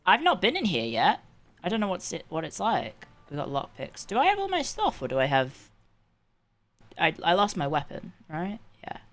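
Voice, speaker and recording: A woman's voice: on the low side, wildly swooping pitch, moderate pace. A woman streaming a game, chatting casually in a rambling, playful way with asides to chat. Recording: game music under the voice.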